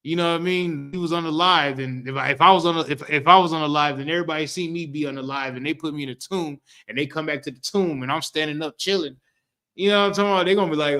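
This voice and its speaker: A man's voice: a little high, sharp tone. Man teaching scripture in slangy street talk. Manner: reads verses slowly, then explains loosely with "right?" and acted reactions. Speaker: street teacher of a history class.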